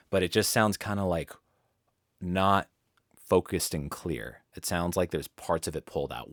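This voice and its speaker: A man's voice: low voice, no echo. A man coaching voice actors in a live webinar from his home studio, talking casually and rambling, often restarting his sentences. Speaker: voice-over coach.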